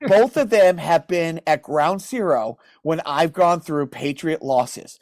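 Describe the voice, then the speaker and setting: A man's voice: fairly high pitch, takes it slowly, no room sound. Rambling male podcast host, dry sound. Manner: rambling storyteller, many restarts; animated, acts out others' lines. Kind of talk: casual chat.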